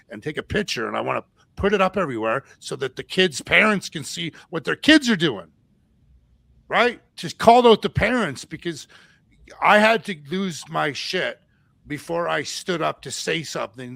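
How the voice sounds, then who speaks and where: A man from Canada hosting a casual chat, rambling through animated stories and acting out quoted voices. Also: a little high, creaky, dry recording. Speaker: podcast host.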